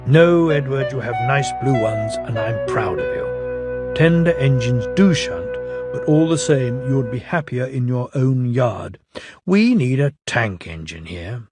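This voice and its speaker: A man voicing a stern, portly male railway boss in a storybook, brisk and commanding. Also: mid-range voice, expressive, loud music behind the voice, close to an everyday voice. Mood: kind.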